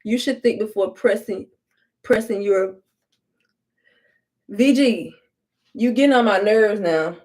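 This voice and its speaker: A woman's voice: mid-range voice, slow, long pauses, darkish tone. A young adult woman telling a blunt, profane storytime while doing her hair. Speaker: vlogger.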